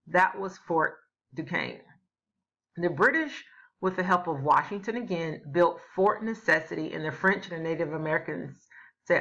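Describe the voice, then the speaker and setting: A woman's voice: low-pitched, moderate pace, gravelly, fairly bright tone. A woman teacher giving a casual, explanatory history lesson. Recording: dull lo-fi recording.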